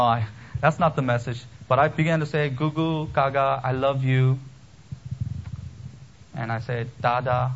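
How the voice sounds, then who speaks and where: Middle-aged guy preaching, earnest, mid voice, gets emphatic at the big points, muffled lo-fi recording. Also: mid-range voice. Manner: earnest, rising to emphatic peaks with gentle humor. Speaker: pastor. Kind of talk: sermon.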